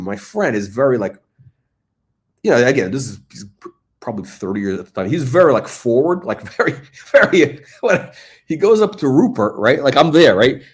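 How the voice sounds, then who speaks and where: A middle-aged man hosting a watch review, rambling through casual commentary and storytelling as he searches for words. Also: medium pitch.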